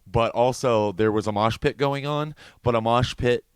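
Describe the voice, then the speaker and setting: A man's voice: mid-range voice, normal speed, clean tone, no room sound, clean studio sound. A man co-hosting a podcast, telling concert stories in a casual, profane chat and laughing easily. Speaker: podcast co-host.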